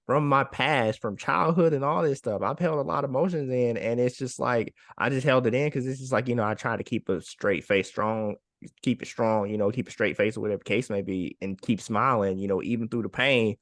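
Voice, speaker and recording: A podcast co-host speaks briskly in a mid-range, fairly bright voice during a casual but heartfelt chat. He sounds encouraging and repeats phrases for emphasis. The studio recording is clean and free of echo.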